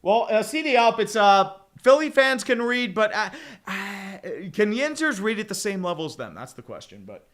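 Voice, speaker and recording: A young man giving casual hockey play-by-play, reading chat messages in between with excitable, profane, rambling asides. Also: high voice, normal speed, few pauses. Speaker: streamer doing play-by-play.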